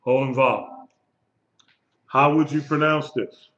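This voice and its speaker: A man teaching a live Hebrew lesson, speaking slowly and patiently and repeating words for his students. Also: mid-range voice, a bit bright. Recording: lo-fi echoey room recording.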